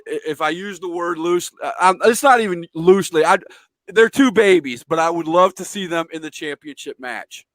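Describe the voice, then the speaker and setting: A man with a high, bright-pitched voice hosts a casual chat, excitable and quick to repeat himself. He stumbles over words as he builds to a point. The sound is dry with no room echo.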